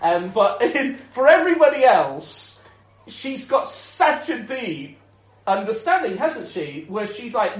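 A man preaching a sermon in an animated storytelling manner, chuckling often and restarting his sentences. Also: sits high, takes it slowly, reverberant, poor audio.

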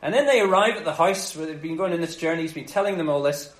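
Jokey preacher man, high voice. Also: fast. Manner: lively, jokey retelling. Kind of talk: casual sermon storytelling. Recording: echoey room.

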